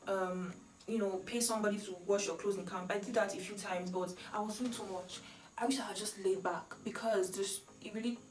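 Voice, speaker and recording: Chatty young Nigerian woman, echoey room. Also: mid-range voice. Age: young adult. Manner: chatty, animated, with Nigerian slang. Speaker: vlogger. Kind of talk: casual storytelling vlog. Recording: echoey room, mic at a distance.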